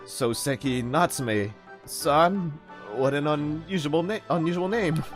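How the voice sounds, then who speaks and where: A man's voice: fairly high pitch, a little slow, natural voice. A man reading as a courteous young lawyer. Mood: polite. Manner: calm, courteous, a little puzzled. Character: polite earnest young male lawyer. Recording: game music playing faintly behind.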